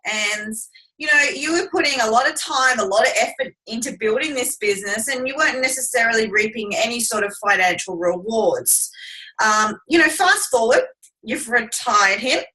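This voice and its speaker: An upbeat woman host puts chatty questions to her guest in a bright, fairly high voice. She sits some way back from the mic, so her voice sounds a little distant. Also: expressive, normal speed. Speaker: host, team leader. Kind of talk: live-stream interview.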